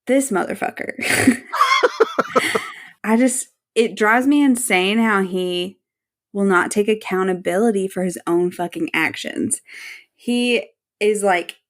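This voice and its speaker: Woman podcast co-host, casual chat, animated retelling, frequent laughter, swears freely. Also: mid-range voice.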